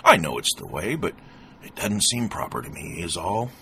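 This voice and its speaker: A plain country villager from a storybook, as a man puts him on, drawling in folksy speech. His voice sits deep and low. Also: very animated, normal speed, bright, forceful tone, slight background noise, exaggerated voice. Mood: mournful.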